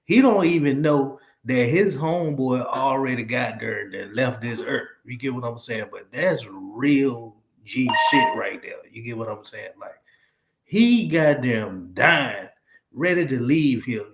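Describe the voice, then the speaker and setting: A man's voice: mid-range voice, expressive, unhurried. A man giving casual reaction commentary in slang, often checking that the listener follows. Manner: slangy, keeps asking "you get what I'm saying". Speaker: reaction streamer. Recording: echoey room.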